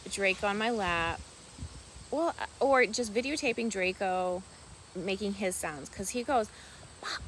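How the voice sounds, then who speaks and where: Soft, slow-talking woman outdoors. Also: medium pitch, slight background noise. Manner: soft-spoken, meandering, affectionate toward her pets. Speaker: vlogger and duck keeper. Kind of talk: casual rambling vlog. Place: outdoors on a rural farm by water.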